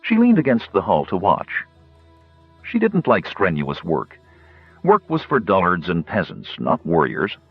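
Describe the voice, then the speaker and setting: A man reading an audiobook as narrator, telling the story in an expressive way. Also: deep voice, unhurried, husky, no room sound, muffled recording, soft background music.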